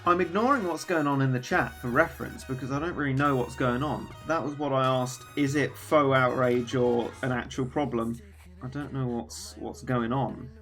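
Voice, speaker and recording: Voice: mid-range voice, fairly even intonation, normal speed, a bit bright, soft background music. A streamer chatting casually and rambling while playing a game and reading chat aloud.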